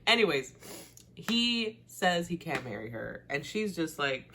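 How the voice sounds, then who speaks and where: A woman hosting a casual TV recap, chatty and animated, blunt and slangy, laughing often. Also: unhurried, a little hiss or hum. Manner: chatty and animated, with big pitch swings and frequent laughs. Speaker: host.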